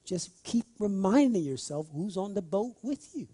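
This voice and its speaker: A male preacher delivering a sermon, repeating phrases and rising into loud emphatic bursts as he speaks straight to the congregation. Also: sits high, very animated, moderate pace, husky, no echo. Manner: talks directly to the congregation.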